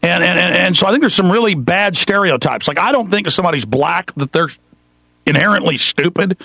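A man hosting a call-in radio show, loud and aggressive, arguing fast and interrupting. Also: fairly high pitch, no room sound, rough recording. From Texas. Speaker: radio talk show host. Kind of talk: heated call-in radio talk.

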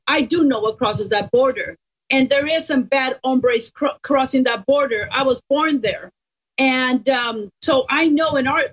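A high-voiced woman talks with an earnest, emphatic push, her Californian accent coloring every phrase. She is a Spanish-speaking guest from the border country, and her voice comes through dull and muffled. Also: fairly bright tone. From Mexico–Texas border. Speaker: political guest. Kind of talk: casual interview talk. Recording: muffled lo-fi audio.

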